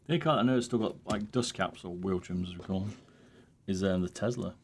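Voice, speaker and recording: A man's voice: deep voice, fast talker, slight background noise. A man live streaming a game, chatting casually to his viewers with plenty of swearing. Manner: laid-back, swears freely, chats to viewers. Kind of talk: casual chat while gaming.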